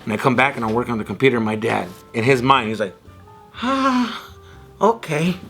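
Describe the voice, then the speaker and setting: A young man telling loud, animated stories among friends, swearing freely and mimicking his dad. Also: mid-range voice, very fast, gravelly, slightly rough, soft background music. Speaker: guest. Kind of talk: casual storytelling among friends.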